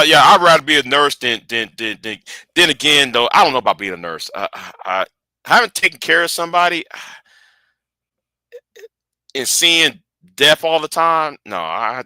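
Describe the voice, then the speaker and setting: Early-40s man, home livestream host. Rambling, repeats himself, slangy, bright tone, dry close sound. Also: mid-range voice, no echo. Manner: rambling, repeats words, talks to chat. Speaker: channel host. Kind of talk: casual livestream chat with viewers.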